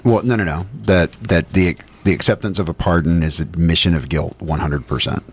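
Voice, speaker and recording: A man's voice: deep voice, a little fast, slightly rough. A man with a New England accent, co-hosting a morning radio show and giving his views in a rambling way with many restarts. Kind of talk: casual radio talk.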